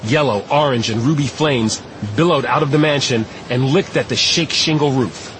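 A man narrating an audiobook in a steady, measured storytelling voice. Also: medium pitch, noisy background. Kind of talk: scripted narration.

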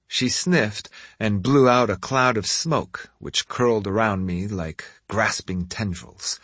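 A husky male narrator reading a first-person story at an unhurried pace. His pitch moves expressively through the lines, and the recording is dry and close with no room sound. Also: fairly bright tone, no echo. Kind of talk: scripted audiobook narration.

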